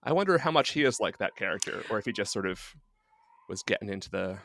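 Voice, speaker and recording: Man, podcast co-host, bright tense voice, lively pitch, curious questions. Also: quick pace. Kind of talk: casual chat, interviewing.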